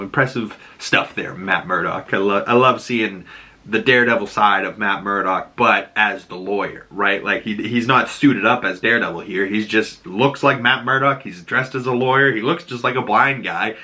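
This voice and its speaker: A man hosting a casual episode breakdown, talking excitedly and acting out the characters' lines. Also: lowish voice, moderate pace. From Boston area. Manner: excited, animated, laughs often, acts out lines. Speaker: show breakdown host. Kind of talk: casual commentary.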